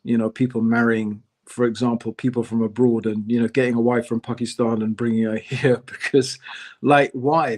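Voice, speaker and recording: Brief: man, podcast co-host, lively casual talker, mid-pitched, fills with "you know". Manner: conversational, animated, many "you know" fillers. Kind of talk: casual discussion.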